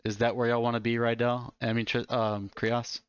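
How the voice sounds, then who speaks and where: A man running a tabletop game as dungeon master, calmly explaining rules and narrating enemy moves. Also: medium pitch, normal speed, smooth, no echo. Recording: dry, slightly dull mic.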